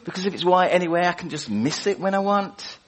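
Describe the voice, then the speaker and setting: A man's voice: high-pitched, expressive, quick pace. A man leading prayer and preaching a sermon in an informal, conversational way, putting questions to the congregation. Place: church service.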